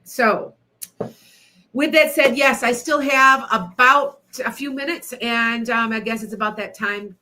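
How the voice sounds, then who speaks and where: A middle-aged woman hosting an internet radio show, telling stories in a chatty, animated way, laughing often and talking to listeners by name. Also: on the high side, unhurried. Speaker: radio show host, psychic. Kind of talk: casual storytelling to listeners.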